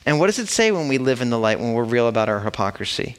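A man's voice: medium pitch, sing-song, fast, clean tone. A man preaching a sermon in a casual, conversational way, acting out the story as he tells it. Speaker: pastor.

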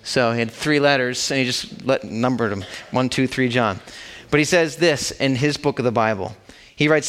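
A man's voice: medium pitch, normal speed, a bit bright. A man preaching a sermon in a casual, conversational way, acting out the story as he tells it. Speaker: pastor.

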